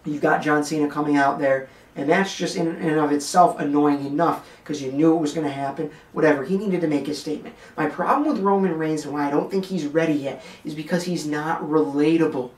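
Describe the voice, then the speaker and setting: A man's voice: a little high, fairly quick, darkish tone, reverberant, distant mic. Blunt, joking wrestling podcast host man. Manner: blunt, joking, talks straight to the listener. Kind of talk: opinionated commentary rant.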